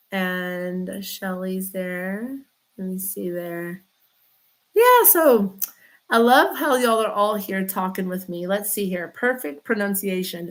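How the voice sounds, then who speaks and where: A woman's voice: medium pitch, a bit bright. A woman, a chiropractor chatting casually on a livestream, rambling and greeting viewers by name. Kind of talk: casual livestream chat reading comments.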